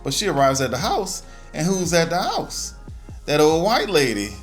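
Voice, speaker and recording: A man's voice: a little high, very animated, moderate pace, faint music behind. A man casually recapping a movie plot in slangy, laid-back storytelling full of asides. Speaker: movie reviewer.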